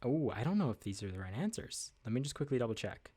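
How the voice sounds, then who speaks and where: A man's voice: mid-range voice, sing-song, quick pace, a little mellow. Casual male livestream host, friendly and self-deprecating, mid-range voice. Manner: chatty, upbeat, self-deprecating, with frequent fillers. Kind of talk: casual livestream trivia hosting. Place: at a desk indoors.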